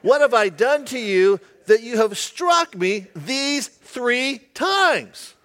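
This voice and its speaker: A man's voice: very high voice, lively intonation, slow, fairly bright tone, big-room sound, pitched above the performer's own voice, full character voice. A man voicing a talking female donkey who pleads with indignant questions.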